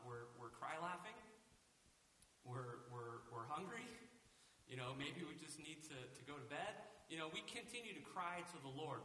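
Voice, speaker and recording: Male pastor, sermon, conversational with rhetorical questions; somewhat high, bright voice; echoey church hall, heard from afar with faint hiss. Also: recorded from a distance. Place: church sanctuary.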